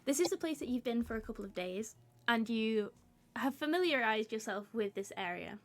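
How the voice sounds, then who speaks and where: Relaxed woman game master. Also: on the high side, fairly quick. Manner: relaxed, descriptive, casual. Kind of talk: narrating a tabletop game.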